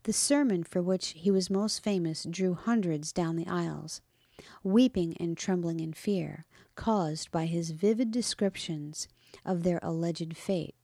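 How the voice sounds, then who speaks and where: A woman giving a scripted devotional reading in a measured, earnest and solemn way. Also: lowish voice, gravelly, dark tone, no echo, studio quality. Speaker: devotional reader.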